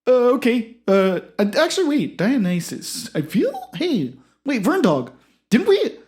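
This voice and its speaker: An excitable talk show host, voiced by a comic performer who jumps up high and loud, with his pitch swooping all over. He rambles, baffled by everything, in a comedy podcast sketch. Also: measured pace. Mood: excited.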